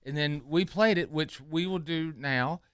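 A man's voice: a little high, a little slow, clean tone, dry recording. Male morning radio host, rambling banter, dry studio sound. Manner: rambling, animated, laughs often.

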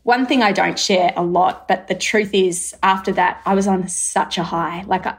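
Animated Australian woman telling a story. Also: on the low side, moderate pace. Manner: lively, acts out her own thoughts in quotes, many fillers. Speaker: brand founder, guest.

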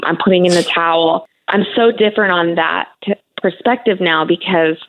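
A woman in her thirties, a talk show guest, shares her cancer story in an emotional interview, speaking candidly and conversationally with many fillers. Her voice is on the low side at a moderate pace, and the audio sounds tinny, like phone-in radio.

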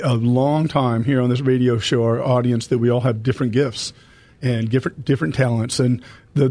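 A man hosting a Christian radio show, talking to listeners as folks and reading Bible passages slowly. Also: medium pitch, darkish tone. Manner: addresses listeners as folks, reads scripture slowly. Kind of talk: Bible study radio talk.

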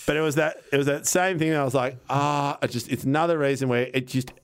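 A man, telling a casual, animated anecdote on a podcast, acting out what people said and swearing now and then. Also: fairly high pitch, quick pace, clean tone. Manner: animated, rambling anecdote with acted-out quotes and swearing. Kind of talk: casual storytelling chat.

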